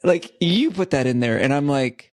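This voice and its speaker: A man's voice: fairly high pitch, animated, moderate pace, darkish tone, no room sound, studio quality. A man who is a guest on a podcast, telling self-deprecating stories in a casual way and chuckling at himself.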